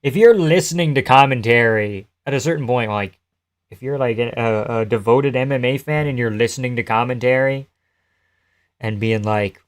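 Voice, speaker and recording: A man's voice: medium pitch, normal speed. A man streaming live, chatting loosely and answering his viewers' messages, with the odd curse. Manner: loose, rambling, profane, answers chat messages. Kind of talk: casual live-stream chat reacting to a fight card.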